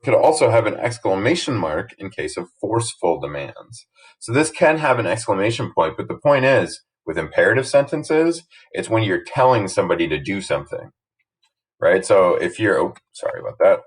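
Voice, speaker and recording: A man's voice: lowish voice, big pitch swings, moderate pace, husky, rough recording. A young man teaching grammar from slides in a casual, explaining way, often checking in with "right?". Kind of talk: recorded slide lesson narration.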